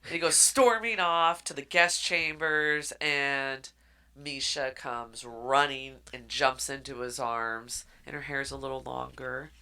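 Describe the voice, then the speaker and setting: A woman co-hosting a podcast, recapping a book in animated, casual chat. Her voice sits low but sounds bright and forceful. She slips into voices as she retells scenes. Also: slow, smooth. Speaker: podcast co-host.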